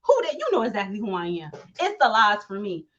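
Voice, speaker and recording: A woman hosting casual celebrity gossip commentary, animated and mocking, laughing often and talking in slang. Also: medium pitch, fairly quick, dull audio. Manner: slangy talk, repeated phrases. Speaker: commentary host.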